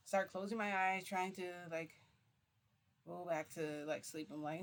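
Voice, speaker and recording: A woman's voice: low voice, little pitch movement, normal speed. A woman vlogger telling a story in a casual, chatty monologue with lots of fillers and mild swearing.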